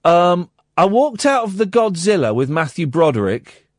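A man's voice: high-pitched, normal speed, no echo, studio quality. A man hosting a radio phone-in, chatting casually and jokingly with many fillers and restarts. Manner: animated, jokey, lots of fillers and restarts.

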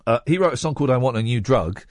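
A man's voice: fast talker, no echo, clean studio sound. A man hosting a late-night radio show in casual chat, rambling and joking. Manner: rambling, jokey, lively pitch swings. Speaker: radio host. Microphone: studio microphone.

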